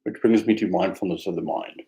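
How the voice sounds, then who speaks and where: A man teaching meditation, speaking in a reflective, conversational way with a gently self-mocking humor. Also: deep voice, brisk, low-quality recording. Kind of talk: mindfulness dharma talk.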